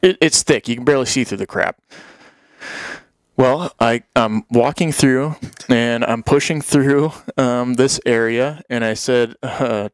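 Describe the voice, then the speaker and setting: A man's voice: medium pitch, unhurried, no echo, clean studio sound. Laughing, rambling man telling stories. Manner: rambling, laughs often, acts out quotes. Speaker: podcast guest telling hunting stories. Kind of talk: casual storytelling chat.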